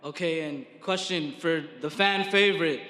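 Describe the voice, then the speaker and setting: A man's voice: fairly high pitch, normal speed, roomy sound, big-room sound, heavy background noise. A man asking questions as a reporter at a press conference, chatty and hedging with fillers.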